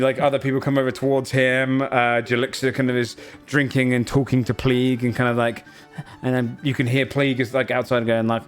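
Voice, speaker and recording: A male game master describes a festival night in loose, halting narration, his voice sitting at a middle pitch. Faint music hums in the background. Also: little pitch movement. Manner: loose, hesitant narration full of fillers.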